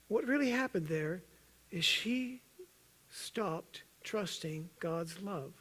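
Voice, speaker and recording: A man preaching a sermon as pastor, earnest and urging, at times loud and at times hushed, joking with the congregation. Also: lively intonation, takes it slowly. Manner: earnest, swings from loud emphatic urging to soft low intensity; jokes with the congregation.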